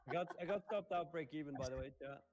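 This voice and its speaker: A man's voice: a little high, fast talker, a little mellow. Laid-back young man calling trades. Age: young adult. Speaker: trader on a livestream. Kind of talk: casual chat.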